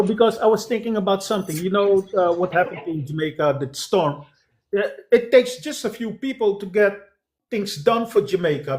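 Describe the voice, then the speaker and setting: A middle-aged man hosting a live stream, speaking haltingly with many fillers. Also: high-pitched.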